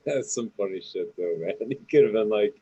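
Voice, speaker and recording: A man's voice: lowish voice, animated, normal speed, a little mellow, husky, dry recording, rough recording. A man chatting casually on a podcast, rambling, swearing and laughing as he talks. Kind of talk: casual chat.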